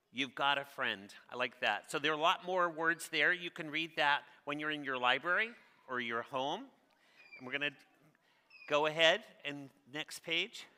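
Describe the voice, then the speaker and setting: With a fairly high, sharp voice that's clear and resonant, a middle-aged children's author leads an interactive reading of his picture book. He keeps the mood upbeat, encouraging the audience and asking them questions on a large theater stage that gives the sound long reverb.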